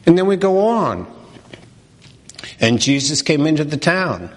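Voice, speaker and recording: A man preaching from the pulpit in a measured, deliberate rhythm, repeating his questions for emphasis. His voice sits a little high for a man. The sound carries a long reverb, as if in a large church. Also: very animated. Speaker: pastor. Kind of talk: sermon.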